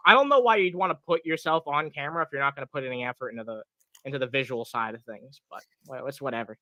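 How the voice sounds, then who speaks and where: A man's voice: mid-range voice, fast talker, sharp tone, no echo. A man in casual podcast chat, speaking sarcastically and swearing.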